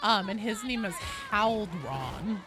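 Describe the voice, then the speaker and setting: A woman's voice: mid-range voice, lively intonation, slow pace, heavy background noise. Rambling woman game streamer. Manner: nerdy, rambling, full of fillers. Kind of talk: casual live-stream chat.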